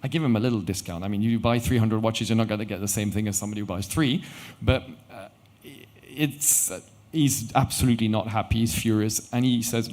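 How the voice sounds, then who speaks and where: A middle-aged man tells a story on an event stage, acting out each exchange as he goes. His voice sits a little low and moves between hushed asides and livelier bursts. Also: fairly quick, hardly any pauses. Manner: animated anecdotal storytelling with quoted dialogue. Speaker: watch company founder telling a story. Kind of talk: conference storytelling talk.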